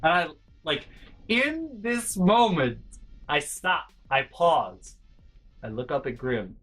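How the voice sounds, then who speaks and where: Animated man telling a personal story. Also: fairly high pitch, slow, poor audio. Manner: animated, swings between hushed and loud, swears freely. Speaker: vlogger. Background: faint background music.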